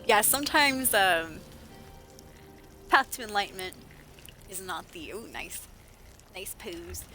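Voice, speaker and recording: A woman streamer chatting casually while playing a game, animated storyteller who laughs often. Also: mid-range voice, slow. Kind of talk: casual gameplay livestream chat. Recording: game music behind voice. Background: game music.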